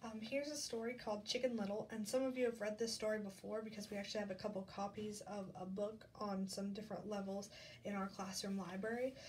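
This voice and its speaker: A woman teacher reading a picture book aloud to children, explaining gently as she goes. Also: mid-range voice, level tone, quick pace, distant mic, slight background noise.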